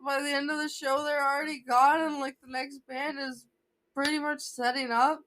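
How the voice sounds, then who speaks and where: Young woman vlogger with a high voice, chatty storytime delivery that keeps wandering off track. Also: level tone, moderate pace, a bit bright, a little hiss or hum. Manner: rambling, sidetracked, self-interrupting. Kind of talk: rambling storytime vlog.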